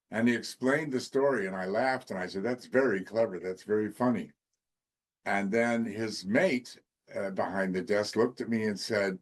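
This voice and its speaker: A man's voice: fairly low pitch, normal speed. A man on a comedy panel telling a long anecdote in a chatty, storytelling way. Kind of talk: comic storytelling.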